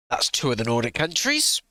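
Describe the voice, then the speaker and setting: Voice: medium pitch, sharp tone, no room sound. A streamer giving sarcastic live reaction commentary into a close desk mic, swearing freely.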